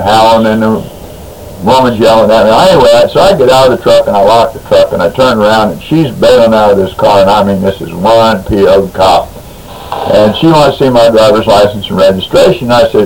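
A man's voice: lowish voice, brisk, crowd noise, low-quality recording. A man as a radio talk guest, telling a long story in a folksy, rambling way, with stumbling restarts. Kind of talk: radio talk, anecdote and legal commentary.

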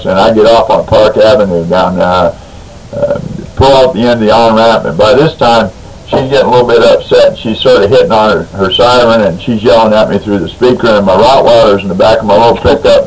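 A man's voice: lowish voice, poor audio. A man as a radio talk guest, telling a long story in a folksy, rambling way, with stumbling restarts. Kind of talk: radio talk, anecdote and legal commentary.

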